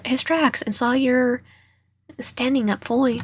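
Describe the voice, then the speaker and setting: A woman's voice: sits high, a little slow, slightly rough. A young woman reading a dating sim aloud, often stumbling over words and correcting herself. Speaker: gaming channel host.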